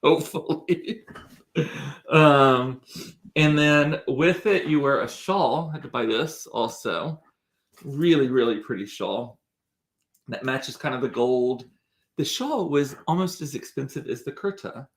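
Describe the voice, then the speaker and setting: A young man tells a story to his camera in a loose, chatty way. He rambles and circles back, dropping ums and restarting his sentences as he goes. His voice sits at an ordinary middle pitch. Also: measured pace. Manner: chatty, rambling, with many fillers and self-corrections. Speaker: vlogger. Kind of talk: casual storytelling vlog.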